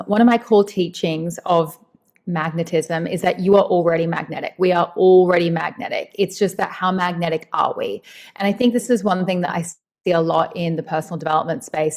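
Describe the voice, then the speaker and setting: A woman with a slightly low voice talks as a guest in a relaxed interview. She is animated and emphatic, drawing out the words she wants to stress and slipping into quick bits of acted-out dialogue. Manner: animated, acts out quoted dialogue. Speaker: podcast guest, meditation teacher and author. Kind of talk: conversational interview.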